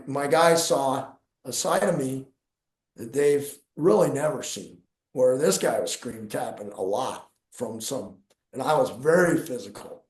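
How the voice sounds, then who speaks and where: A man's voice: fairly high pitch, reverberant. A middle-aged man, a jiu-jitsu coach and podcast co-host, telling stories in casual talk and acting out what people said. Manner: animated, acts out dialogue in his stories. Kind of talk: casual storytelling.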